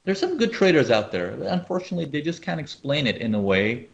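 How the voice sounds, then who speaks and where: Man, trading educator, live webinar, animated, keeps asking viewers questions, dull lo-fi sound. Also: on the high side, a little fast, gravelly. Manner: animated, asks viewers often.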